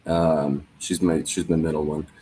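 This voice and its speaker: A man's voice: rumbling low, level tone, measured pace, mellow, a little hiss or hum. A man hosting a casual panel discussion, firing off eager questions.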